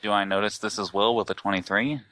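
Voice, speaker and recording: Guy player, lowish voice but bright and sharp, dry sound, wry. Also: fairly even intonation, quick pace. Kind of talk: tabletop game chat.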